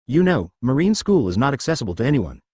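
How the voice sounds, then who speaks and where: A man's voice: mid-range voice, very animated, fast, darkish tone, slightly rough, no room sound, clean studio sound. A man voicing an arrogant, domineering young man who talks impatiently and dismissively in a plain reading voice.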